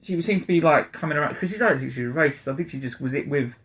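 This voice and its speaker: A man's voice: fairly high pitch, fast, fairly bright tone. Blunt, sweary English man. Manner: blunt, swears, chips in with quips. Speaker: podcast co-host. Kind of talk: casual chat.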